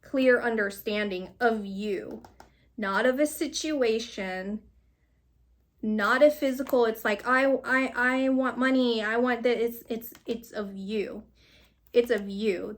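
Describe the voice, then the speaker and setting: A woman with a medium-pitched voice speaks slowly as she gives a casual tarot card reading. She rambles, offers encouragement, and frequently breaks into laughter.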